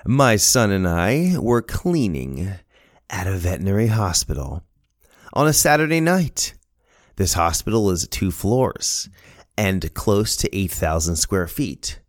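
A middle-aged man with a low voice that swings widely in pitch, telling a story in a chatty, animated way and amused at himself. The sound is dry and close, with no room around it. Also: unhurried, dry recording. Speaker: podcast host. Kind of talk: casual storytelling.

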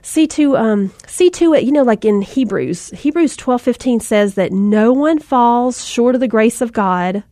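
Mom talking faith, high, dry voice. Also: female voice, lively intonation, measured pace, few pauses, mellow, no room sound. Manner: conversational, folksy, with asides and fillers. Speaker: Christian speaker. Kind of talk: faith-based talk to mothers.

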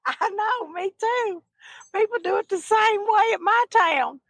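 Woman podcast co-host, folksy storyteller, high, unhurried, dry close sound. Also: expressive, fairly bright tone, dry recording, poor audio. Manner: folksy, with homespun sayings. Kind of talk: casual storytelling chat.

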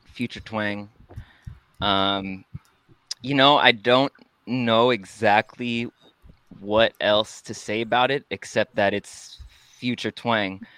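Bright laid-back man musing playfully. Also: fairly low pitch, steady tone, slow pace, long pauses, clean tone, no echo. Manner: laid-back, hesitant with many ums, playful. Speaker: musician guest. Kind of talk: casual podcast conversation.

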